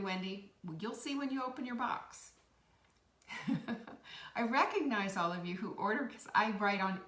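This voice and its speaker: A woman hosting a live-stream, chatting warmly with viewers and greeting them by name. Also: mid-range voice, far from the mic. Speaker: host. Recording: echoey room.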